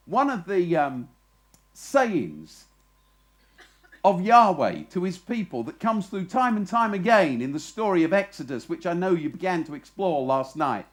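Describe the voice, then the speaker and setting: A man preaching at a festival, telling a story and acting out the shouted lines. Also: high-pitched, a little slow. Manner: lively storyteller, acts out shouted voices. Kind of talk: sermon with storytelling. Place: festival stage.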